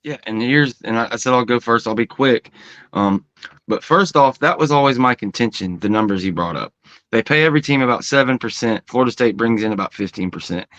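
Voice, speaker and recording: A man's voice: medium pitch, fairly quick, fairly bright tone, dry recording, muffled recording. A man co-hosting a sports podcast, arguing heatedly and swearing in casual chat. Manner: heated, profane argument. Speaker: podcast co-host.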